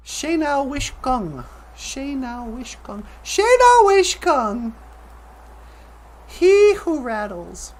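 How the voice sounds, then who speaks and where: A woman hosting a live-streamed show, greeting viewers by name and joking with them. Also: high voice. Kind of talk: playful live-stream chat.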